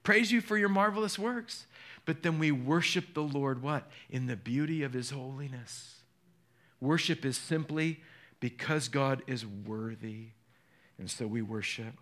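A man pastor preaching a sermon, telling a personal story in an earnest, emotional way and dropping to hushed tones. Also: medium pitch. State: choked up.

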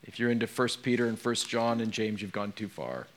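A male pastor preaching a sermon in an animated way, moving between hushed and emphatic and putting questions straight to his congregation. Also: lowish voice, fairly quick.

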